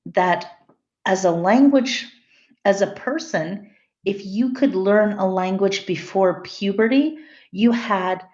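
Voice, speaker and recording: Mellow-voiced woman lecturing a class. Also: lowish voice. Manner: explanatory, often restarts and corrects her wording. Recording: echoey room, slightly dull sound.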